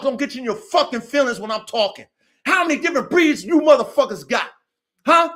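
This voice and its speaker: A man's voice: very high-pitched, big pitch swings, moderate pace, a bit bright. A man hosting a dog podcast, delivering a boastful, combative, profane rant full of repetition and challenges to listeners. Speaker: podcast host, dog breeder. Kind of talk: profane ranting monologue.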